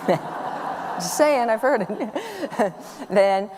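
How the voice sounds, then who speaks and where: A woman's voice: mid-range voice, unhurried. A middle-aged woman giving a talk to an audience, telling stories with acted-out dialogue. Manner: warm, animated storytelling with acted-out dialogue. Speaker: speaker. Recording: long hall reverb.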